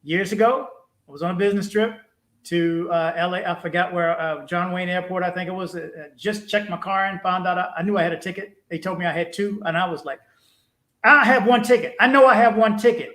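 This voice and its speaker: A man's voice: high voice, brisk, reverberant, poor audio. A man from the Washington DC area hosting a casual live stream, telling stories animatedly and acting out past conversations. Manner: animated storytelling, acting out his own past exchanges. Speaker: livestream host.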